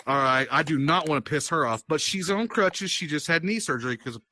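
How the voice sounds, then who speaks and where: A man casually telling a wild party story in an animated, profane way, often laughing as he goes. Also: fairly high pitch, a little fast. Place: virtual-world chat session.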